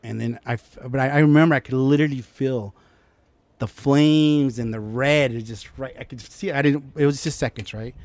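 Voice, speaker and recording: Telling stories as an interview guest, this man speaks briskly at a middle pitch, with no echo on the recording. His account is animated and informal, full of restarted sentences and impressions of the people he's quoting, like an easygoing conversation.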